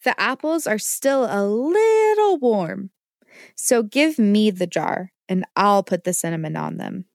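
A woman's voice: mid-range voice, big pitch swings, a little slow, vocal fry, dry recording, clean studio sound. A woman voicing a patient, caring mother who teaches her child kitchen safety. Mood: warm. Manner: patient and instructive. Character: gentle, safety-minded mother.

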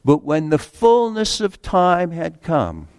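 A man preaching a sermon in an earnest way, slowing down to read scripture aloud and stumbling over the odd restart. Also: on the high side, huge pitch swings, a little mellow, smooth, no room sound, clean studio sound.

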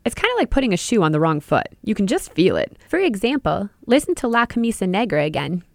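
A woman who hosts a podcast and teaches music delivers a scripted lesson, her pitch rising and falling freely as she explains each idea and poses questions to the listener. She is very animated, clear and quick, speaking directly to whoever is listening. The recording is close and dry, with no room sound.

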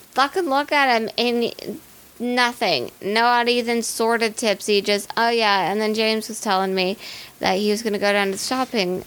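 A young adult woman co-hosting a casual podcast, telling stories bluntly and animatedly, with lots of swearing. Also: fairly high pitch. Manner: profane, blunt and animated storytelling. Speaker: podcast co-host.

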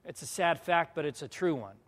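A high-pitched man preaching a personal testimony as a youth pastor. He tells the story with animation, jumping from loud bursts to quiet, hushed asides. His voice carries a long reverb from a large church hall. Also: animated, fairly quick. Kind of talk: sermon testimony to a congregation.

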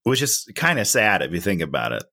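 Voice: sits low, a little fast, creaky. A podcast co-host from Minnesota, joking and exaggerating in casual chat about a movie. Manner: animated, jokey, exaggerating.

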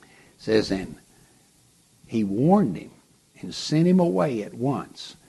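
Slow husky-voiced preacher man. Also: medium pitch, big pitch swings, dark tone. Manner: slow, dramatic, dropping to a whisper for emphasis. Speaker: pastor. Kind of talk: sermon.

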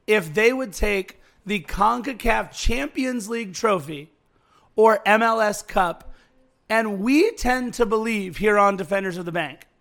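A man co-hosting a sports podcast, hoarse from the night, hyped and jokey with quick asides. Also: high voice, a bit bright. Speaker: podcast co-host. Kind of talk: casual sports podcast chat.

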